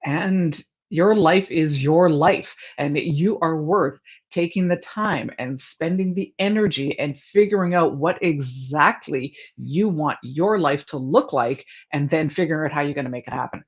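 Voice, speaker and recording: A woman's voice: low-pitched, a little slow, hardly any pauses, husky, lo-fi sound. A woman co-hosting a podcast over a video call, chatting in an encouraging, friendly way. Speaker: podcast co-host.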